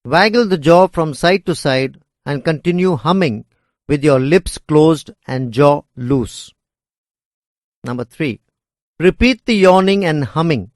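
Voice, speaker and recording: A man reading educational course material aloud in a measured, deliberate way. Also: on the high side, no echo, clean studio sound. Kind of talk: scripted educational narration.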